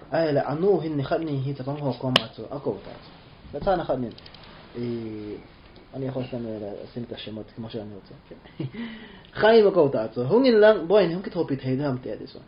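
A man interpreting a rabbi's class, talking quickly and trailing off at the ends of phrases. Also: high voice. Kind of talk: rapid spoken translation. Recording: dull lo-fi sound with faint room noise.

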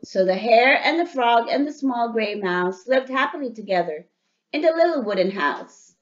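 A woman reading a children's storybook aloud to a child in a lively, emphatic way. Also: a little high, moderate pace. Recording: dull lo-fi sound.

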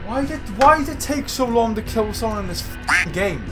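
A man's voice: sits high, animated, brisk. A man giving live gameplay commentary, ranting and swearing in exasperation at a friend and the game. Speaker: gaming streamer. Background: game music and sounds.

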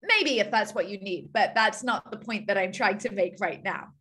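A woman's voice: medium pitch, moderate pace, bright, forceful tone. A woman hosting a team video call, coaching listeners in an upbeat way and repeating her key points. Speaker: call host.

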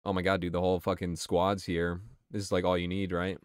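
A man's voice: deep voice, completely flat delivery, a little fast, smooth, no room sound, studio quality. A man streaming a game, talking casually and swearing while he answers his chat. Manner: chatty and profane, answering chat. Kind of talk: casual gameplay commentary.

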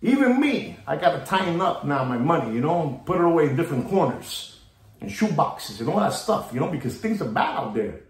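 A man ranting theatrically about the watch market, repeating himself and swinging between loud bursts and low mutters. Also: big pitch swings, fairly quick. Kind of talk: hyped market rant to camera. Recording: roomy echo.

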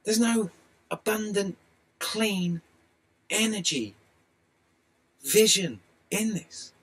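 A middle-aged man with an excitable, rambling delivery, talking to his video subscribers. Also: high-pitched, extremely slow. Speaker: video blogger. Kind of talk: rambling monologue.

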